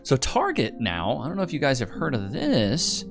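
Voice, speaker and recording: A man's voice: medium pitch, sing-song, a little fast, creaky, over music. A man hosting a reaction video, chatting casually with his chat and laughing often. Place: home studio in Texas.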